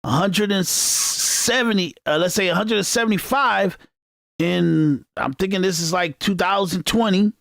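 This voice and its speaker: A man's voice: sits high, unhurried, vocal fry, fairly bright tone, dry recording, clean studio sound. A man hosting a podcast, delivering an emphatic, repetitive monologue of commentary that often restarts its phrases. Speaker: podcast host. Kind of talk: unscripted political commentary monologue.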